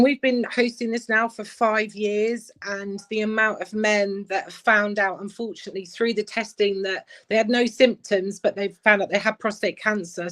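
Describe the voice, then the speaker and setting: Chatty woman in her fifties. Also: mid-range voice. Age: 50s. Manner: chatty, emotional, lots of "like" and "literally". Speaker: guest, club player care head. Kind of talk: casual interview chat.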